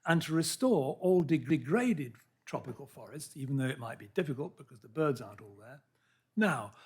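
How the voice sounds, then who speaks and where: A man giving a public science lecture in a hall, earnest and halting, often restarting his words and reading out quotes. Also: medium pitch, animated, slightly rough. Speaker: lecture speaker.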